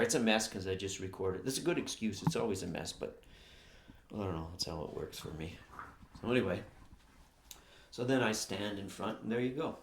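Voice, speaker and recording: A man's voice: lowish voice, a little hiss or hum. A man, a songwriter, talks casually and rambles through how he writes his songs, filmed in his home music room. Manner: rambling, often says "anyway" and "blah, blah, blah". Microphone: camera unit on a chair.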